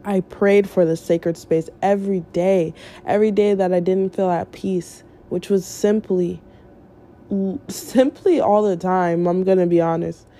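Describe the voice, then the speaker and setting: A woman's voice: on the low side, steady tone, measured pace, dark tone. A woman vlogger giving an earnest, casual motivational talk, repeating phrases for emphasis and laughing often.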